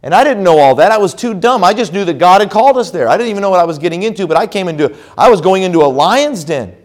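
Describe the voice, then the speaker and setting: Man, middle-aged, pastor, sermon, fairly high voice, storytelling, stumbling restarts. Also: animated. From American South. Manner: storytelling, with frequent repeated restarts; slow, solemn scripture reading. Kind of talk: conference sermon.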